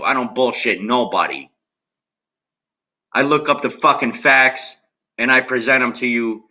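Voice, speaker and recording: Furious swearing man with a sharp voice. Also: medium pitch, unhurried, long pauses, low-quality recording. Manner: agitated, heavily profane, talks straight at viewers. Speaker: political video blogger. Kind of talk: angry rant to camera.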